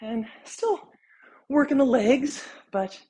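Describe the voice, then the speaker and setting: Breathy woman coaching while working out. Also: sits high, slow pace. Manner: talks while exercising, counting reps, relaxed and encouraging. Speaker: fitness instructor. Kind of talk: follow-along workout coaching.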